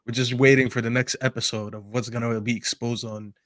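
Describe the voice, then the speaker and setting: Fast-talking blunt male pundit. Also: mid-range voice, little pitch movement, a bit bright, no room sound. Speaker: podcast pundit. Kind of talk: casual football chat.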